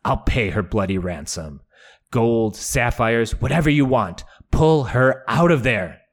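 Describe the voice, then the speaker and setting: A man's voice: medium pitch, lively intonation, unhurried. A man reading out the lines of a reckless young nobleman knight, whose speech is clipped and urgent. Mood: pleading.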